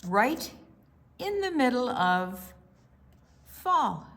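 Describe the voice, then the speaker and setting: A woman reading a picture book aloud to children, gentle and expressive, dropping to soft whispers at times. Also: on the high side, drawn-out words. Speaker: storytime reader.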